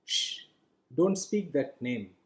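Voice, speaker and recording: A man reading aloud, voicing a gruff, secretive old male druid who growls his orders. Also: mid-range voice, lively intonation, moderate pace, dark tone, lightly acted. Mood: gruff urgent.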